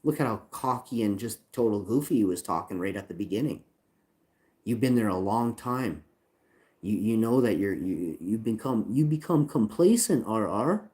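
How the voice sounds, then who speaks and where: A man's voice: on the low side, expressive, moderate pace, a little mellow. A man ranting angrily on a livestream about a support chat, swearing, repeating himself and reading chat lines aloud. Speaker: channel owner livestreaming a complaint. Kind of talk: angry livestream rant.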